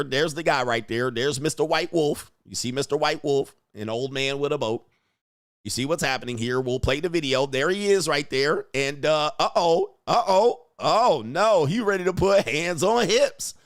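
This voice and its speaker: A man hosting casual reaction commentary, animated and laughing often as he mimics people in quotes. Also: mid-range voice, normal speed, clear, resonant tone. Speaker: commentary host.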